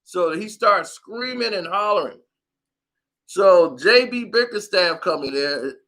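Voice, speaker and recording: A man giving casual sports commentary, telling the story in an animated way and laughing often. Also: sits high, unhurried, rough recording.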